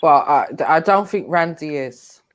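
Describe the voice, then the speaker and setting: Blunt, bantering woman with a low voice. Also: measured pace. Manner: blunt, bantering, laughs often. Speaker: panelist. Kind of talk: casual panel chat.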